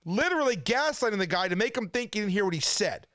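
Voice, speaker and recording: A man's voice: high-pitched, lively intonation, quick pace, hardly any pauses, fairly bright tone, dry recording, clean studio sound. A man at home in his kitchen, ranting indignantly in casual commentary, firing off rhetorical questions. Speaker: preacher and channel host.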